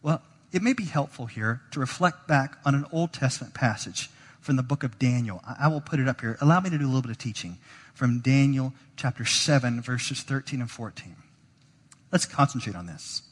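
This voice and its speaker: A man's voice: mid-range voice, fairly quick, long reverb tail. A man preaching a sermon as pastor, earnest, often repeating words as he starts a phrase. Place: church sanctuary.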